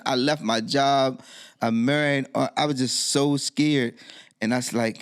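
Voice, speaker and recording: A man's voice: mid-range voice, a little slow, clean tone. A middle-aged man, a DJ and podcast guest, telling a story in casual interview talk and acting out the dialogue in it. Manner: animated storyteller who acts out quoted dialogue.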